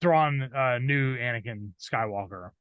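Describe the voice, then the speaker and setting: A man's voice: medium pitch, a little slow, smooth, dry recording, phone-quality sound. A man co-hosting a podcast in casual chat, mostly giving short agreements and asking curious questions. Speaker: podcast co-host.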